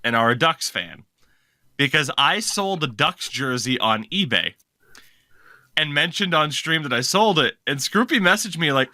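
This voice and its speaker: Lively, bright-voiced male podcast host. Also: on the high side, normal speed, no room sound, clean studio sound. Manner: chatty, laughs often, animated storytelling. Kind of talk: casual podcast chat.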